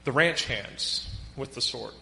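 A man preaching a sermon as pastor, reading scripture aloud with animated emphasis. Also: mid-range voice, slow pace, vocal fry, in a large hall, a little hiss or hum, rough recording.

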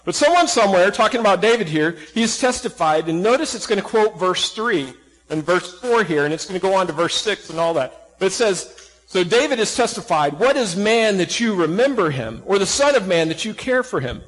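A man with a high voice preaches with earnest emphasis, firing rhetorical questions at his listeners. His words ring out with a long echo, as though from a big hall. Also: animated, brisk, fairly bright tone. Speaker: pastor. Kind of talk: sermon.

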